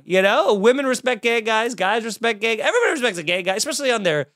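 A man's voice: extremely high pitch, fast, few pauses. A young adult man, a stand-up comedian, telling a casual, jokey podcast story and acting out the people in it. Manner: animated, jokey, acts out voices in anecdotes.

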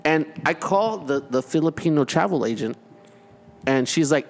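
A man's voice: on the high side, lively intonation, normal speed. A man co-hosting a podcast, telling a story in casual banter, swearing freely and repeating words as he restarts. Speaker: podcast co-host.

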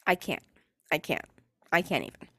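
A woman's voice: fairly low pitch, lively intonation, moderate pace, fairly bright tone, breathy edge, dry recording, studio quality. A woman hosting a solo podcast, ranting in a sarcastic, exasperated way and swearing freely. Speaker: podcast host.

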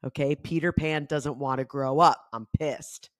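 A woman hosting a casual spiritual self-help podcast, talking frankly with lots of "like" fillers and expressive jumps in pitch. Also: moderate pace, no room sound, clean studio sound. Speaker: podcast host.

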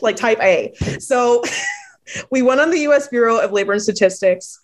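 A woman's voice: fairly high pitch, moderate pace. A woman from New Jersey, a poet being interviewed, who chats casually, laughs often and acts out the people she quotes.

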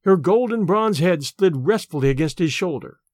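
A man narrating a classic short story in an expressive storytelling manner. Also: high-pitched, moderate pace, no room sound, studio quality. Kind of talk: audiobook narration.

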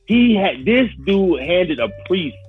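Animated husky-voiced man on a lo-fi line. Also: high-pitched, slow, dry recording, faint music behind. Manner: animated, laughs often, acts out characters. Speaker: podcast co-host. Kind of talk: casual show recap chat.

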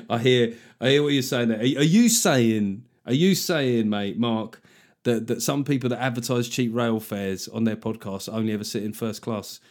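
A man's voice: medium pitch, normal speed, a little mellow. A man hosting a podcast, talking in a loose, jokey, sweary way. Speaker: podcast host. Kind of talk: casual chat.

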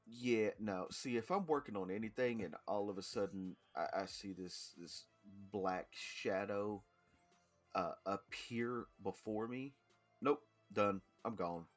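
A man's voice: lowish voice, slow, faint music behind. A man chatting casually as a podcast co-host, telling stories in a laid-back way. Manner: laid-back storytelling, drawling repeats. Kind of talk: casual chat.

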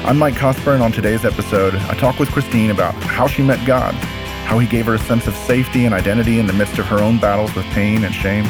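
A man hosting a podcast, reading a calm scripted intro. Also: on the low side, fast talker, over music. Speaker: podcast host.

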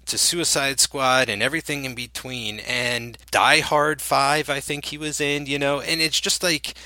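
A man's voice: mid-range voice, steady tone, a little slow, pushed and bright, no echo. A man co-hosting a casual movie review chat, laid-back and enthusiastic. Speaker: podcast co-host.

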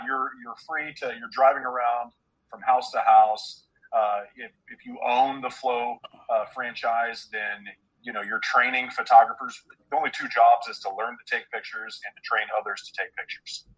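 Husky-voiced male podcast guest. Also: medium pitch, a bit bright, low-quality recording. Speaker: guest, photography business owner. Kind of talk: casual interview answers.

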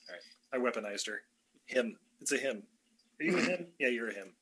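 A man's voice: medium pitch, lively intonation, a little fast, fairly bright tone. A man hosting a podcast in casual fan-casting chat, jokey and laughing often. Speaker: podcast host.

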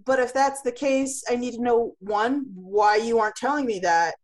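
A woman's voice: fairly high pitch, moderate pace. A woman who runs a comics publishing company, answering in an interview with vivid analogies and frequent restarts.

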